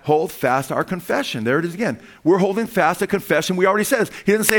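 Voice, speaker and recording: A man's voice: sits high, fast, few pauses. Man preaching with call-and-response. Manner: call-and-response, asking the congregation "amen?" and "what?"; reads scripture aloud and breaks into animated asides. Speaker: pastor. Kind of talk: sermon.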